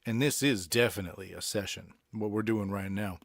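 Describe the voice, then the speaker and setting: A man's voice: on the low side, steady tone, brisk, dry recording, studio quality. A man from Boston with a Boston accent, hosting a casual solo podcast and chatting about songs in a rambling way, with many fillers. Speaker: podcast host. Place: Tokyo.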